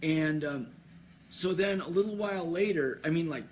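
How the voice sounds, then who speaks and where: A man with a slightly high voice tells a loose, rambling story into a microphone at an awards ceremony for a trivia contest. He keeps laughing and restarting his sentences. A faint hum of the hall stays in the background. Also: normal speed.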